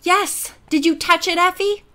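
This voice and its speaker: A woman's voice: very high-pitched, steady tone, a little slow, pushed and bright, pitched above the performer's own voice, heavily acted. A woman voicing an anxious, earnest teenage girl detective in an audiobook, speaking with urgency. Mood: eager.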